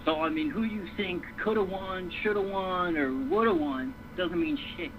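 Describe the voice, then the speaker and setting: A man's voice: high voice, moderate pace. A man ranting hard about a boxing decision, swearing often and repeating himself as he builds his case. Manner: fired up, profane, repeats himself. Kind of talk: heated boxing rant. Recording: dull lo-fi stream with faint noise.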